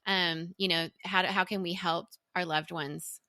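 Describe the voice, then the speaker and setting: A woman hosting a podcast, who asks thoughtful, measured questions with fillers. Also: fairly low pitch, fairly even intonation, sharp tone, no room sound. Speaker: podcast host. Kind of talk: conversational interview.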